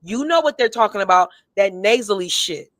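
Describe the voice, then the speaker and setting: A woman's voice: medium pitch, expressive, a little fast, a bit bright, dry recording. A woman co-hosting a casual gossip show, talking bluntly and sassily, with emphatic repeats and a tipsy edge. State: tipsy, has been drinking. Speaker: co-host.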